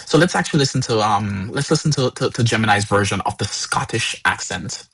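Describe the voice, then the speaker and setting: A man hosting a live tech stream, talking casually and stammering with repeated words when excited. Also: on the low side, brisk, creaky, breathy edge, rough recording. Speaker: host.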